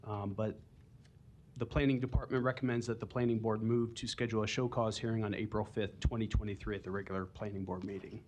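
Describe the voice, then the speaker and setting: A man with a fairly low voice explains procedures to a planning board in a council chamber, hesitating with ums as he goes. A faint hum sits behind him. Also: fairly even intonation, fast, darkish tone. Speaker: planning department staff member. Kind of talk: staff briefing at a public meeting.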